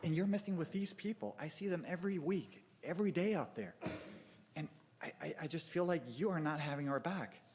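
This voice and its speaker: A man's voice: fairly high pitch, lively intonation, brisk, background noise. A man giving an angry, exasperated public comment at a city commission meeting, stumbling over his words at a podium microphone. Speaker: youth soccer club member speaking at public comment.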